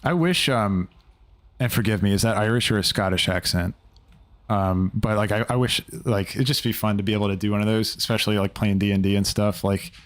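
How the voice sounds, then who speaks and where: A young man hosting a live gaming stream, his voice sitting low as he rambles through loose, casual commentary. He swears offhandedly and keeps talking while he plays. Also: a little fast.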